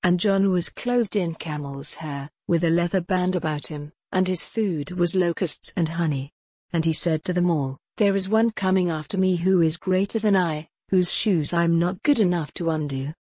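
A woman giving a steady, measured reading of Bible passages, pausing deliberately between phrases. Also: on the low side, no echo, studio quality. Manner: steady, even-paced reading with deliberate pauses. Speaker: scripture reader.

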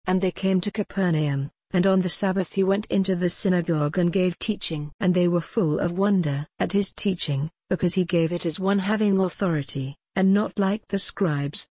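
Breathy, low-voiced woman reading scripture. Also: dry recording, clean studio sound. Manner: steady, even-paced reading with deliberate pauses. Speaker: scripture reader. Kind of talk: measured Bible reading.

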